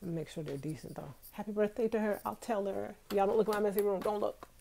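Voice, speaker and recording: Her voice sits in the mid-range, gravelly and dark, with fairly even intonation and a quick pace. A woman in her thirties, she chats straight to viewers during a casual live stream from her bedroom, laughing often despite allergies making her nose itch.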